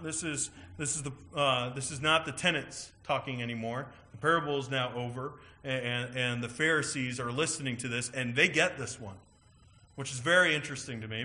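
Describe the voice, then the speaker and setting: A man preaching a sermon, teaching with animated emphasis and frequent "all right" and "right?" asides. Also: on the high side. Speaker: pastor.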